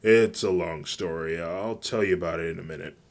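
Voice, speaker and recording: A guarded young vigilante woman who talks in a plain, matter-of-fact way, as read by a man. The voice stays deep and close to a casual storyteller's own. A fan-made anime story. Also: a little fast.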